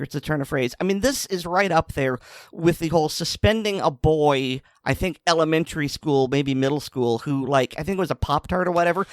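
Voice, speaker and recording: Clean studio sound with no room noise carries a man's slightly high voice. Co-hosting a podcast, he chats casually while retelling a news story with sardonic humor.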